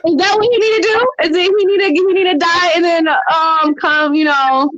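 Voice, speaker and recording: A woman co-hosting a podcast, animated and full of rhetorical questions in casual chat about a TV show. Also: extremely high pitch, normal speed, dry recording, muffled recording. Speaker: podcast co-host. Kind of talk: casual TV discussion.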